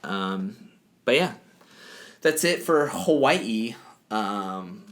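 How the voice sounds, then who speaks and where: A man's voice: on the low side, animated, very slow, fairly bright tone. Joking male podcast co-host. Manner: joking, laughs between lines. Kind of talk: casual comedy podcast chat.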